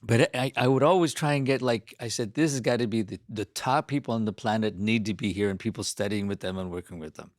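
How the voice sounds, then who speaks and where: A man hosting an interview, telling stories in a lively, animated way. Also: on the low side, fast, few pauses, no echo, clean studio sound. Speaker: host. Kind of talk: casual interview chat.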